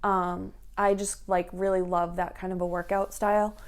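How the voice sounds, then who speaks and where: A woman's voice: on the low side, level tone, moderate pace. A young woman from the United States telling her own fitness story in a chatty vlog, full of "like" and "um". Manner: chatty, lots of fillers like "like" and "um". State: tearful at moments. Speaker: fitness vlogger. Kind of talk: personal vlog talk.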